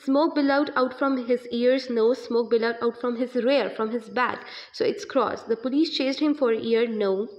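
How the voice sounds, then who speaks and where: A woman's voice: on the high side, moderate pace, few pauses, a little mellow, highs cut off. Pakistani woman teaching an English lesson. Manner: explains step by step, asks and answers her own questions. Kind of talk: online revision lesson.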